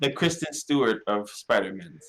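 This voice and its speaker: A man's voice: on the low side, animated, normal speed, poor audio. Laid-back man with crowd noise behind. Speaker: podcast co-host. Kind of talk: casual chat.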